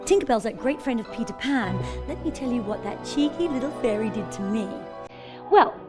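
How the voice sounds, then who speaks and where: A woman with a high, bright voice tells a fairy tale to young children, sing-song and animated. She talks straight to the kids watching at home. Soft music plays faintly behind her. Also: normal speed. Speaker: children's TV presenter in a fairy character. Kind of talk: storytelling to children.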